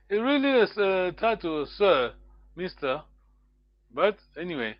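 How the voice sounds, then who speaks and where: A man teaching a language lesson over a video call, patiently repeating words slowly and chuckling often. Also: high-pitched, sing-song, no room sound, dull audio. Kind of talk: live online language lesson.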